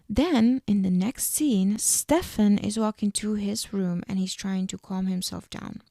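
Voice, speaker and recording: A woman podcast host walks through an episode in a casual recap, pausing to correct herself and adding little fillers. Her voice is dark and mellow with a gravelly edge. The recording is dry and close. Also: mid-range voice, steady tone, dry recording. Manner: retells scenes step by step with fillers and self-corrections.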